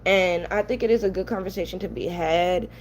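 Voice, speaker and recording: Brisk and lowish, with a darkish tone, a young New York woman rants over slight background noise. She is the host of a commentary channel, blunt and profane in her heated, casual takes.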